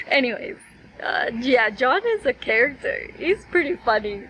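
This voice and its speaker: A woman with a fairly high voice recaps her day in a casual vlog. She rambles and tells it with energy, filling her story with "like" and quoted asides. A faint hiss of background noise sits under her voice. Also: slow pace, pauses often, low-quality recording. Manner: rambling, animated storytelling with many fillers. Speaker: vlogger.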